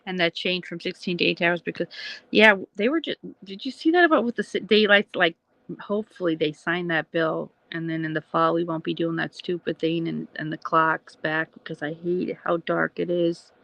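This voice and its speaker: A woman's voice: lowish voice, fairly even intonation, moderate pace, creaky, a bit bright, no room sound, poor audio. A woman hosting a casual livestream, rambling chattily at night from home and answering viewers' comments. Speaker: livestream host.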